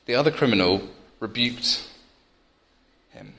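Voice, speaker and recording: A man's voice: mid-range voice, moderate pace. A young man preaching a sermon, telling stories and building to emphatic points. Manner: storytelling, animated, builds to emphatic peaks. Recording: roomy church hall with long reverb.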